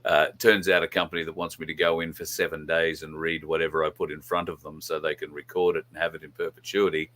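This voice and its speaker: Deep bright-toned Australian man. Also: level tone, fast talker, hardly any pauses, slight background noise. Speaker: podcast host. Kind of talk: casual chat.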